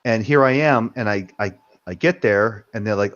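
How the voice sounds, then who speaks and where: A man's voice: lowish voice, moderate pace, few pauses, fairly bright tone, muffled recording. A man, a military veteran, telling rambling stories in casual chat and swearing freely. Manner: rambling storytelling with profanity. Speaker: veteran panelist.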